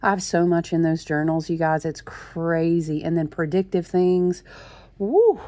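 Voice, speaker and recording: A woman's voice: deep voice, level tone, normal speed, dark tone, no echo. A woman tarot reader in a gushing, chatty talk to her viewers, often calling them y'all. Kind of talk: casual chat.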